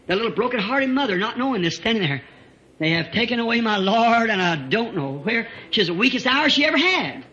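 A man preaching a revival sermon, fervent, rising to shouts and chuckling between phrases, on a lo-fi old tape recording. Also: very high voice, very animated, fairly quick.

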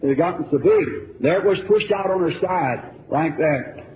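A man preaches in an earnest, rambling, folksy manner, his voice sitting a little high. The recording is a tinny, narrow old tape with a faint hiss underneath. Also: expressive, moderate pace. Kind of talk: storytelling sermon.

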